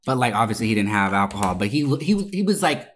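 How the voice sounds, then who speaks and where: Animated, swearing young podcast co-host. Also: mid-range voice, fast talker. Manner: animated, profane, swearing oaths for emphasis. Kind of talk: casual storytelling chat.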